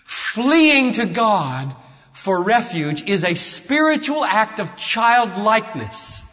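A man preaching a sermon, swinging from hushed tones to shouts with an emphatic, repetitive cadence. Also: high voice, sing-song, slow. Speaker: pastor. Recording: reverberant hall, dull lo-fi sound.

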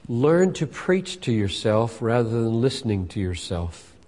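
A man in his sixties preaching a sermon. His delivery swings between loud emphatic bursts and soft asides. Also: mid-range voice, very animated, a little slow. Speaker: pastor. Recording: long hall reverb.

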